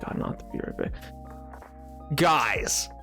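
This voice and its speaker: A live streamer playing a game, joking with chat in a loose, excitable way, jumping from loud outbursts to low mutters. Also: takes it slowly, faint music behind. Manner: excitable, bantering with chat, jumping between yelling and mumbling. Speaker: livestreamer playing a video game. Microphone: desk mic.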